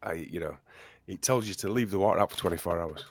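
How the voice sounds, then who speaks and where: A man's voice: low voice, fast talker, husky. A man co-hosting a casual podcast chat, laid-back and laughing easily. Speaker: podcast co-host.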